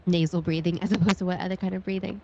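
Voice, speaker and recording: A woman's voice: fairly low pitch, little pitch movement, rapid-fire. A congested woman on a live stream, friendly, reading and thanking chat. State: congested, breathing through mouth. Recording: dull lo-fi mic with faint noise.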